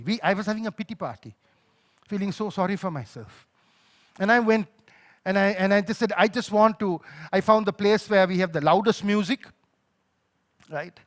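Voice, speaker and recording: A male pastor with a Sri Lankan accent preaching a sermon, telling a personal story with emotion and moving between loud pleading and quiet, soft moments. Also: sits high.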